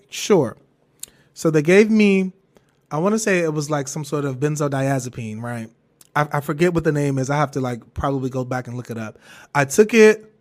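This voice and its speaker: A young man, on the higher side for a man's voice, hosting his own podcast. He tells a personal story in casual, profane chat and laughs along the way. When he quotes what he said, his voice leaps up into an excited falsetto. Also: normal speed. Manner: animated, jumps to high falsetto when quoting himself; swears freely, laughs through the story. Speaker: podcast host.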